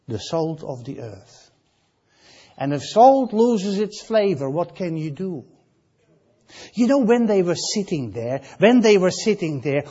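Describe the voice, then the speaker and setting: Emphatic preacher with a husky, lively voice. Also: male voice, high voice, lo-fi sound. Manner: emphatic, repeats key phrases, asks the congregation questions; drops to a near hush on key lines, rises loud on others. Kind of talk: sermon.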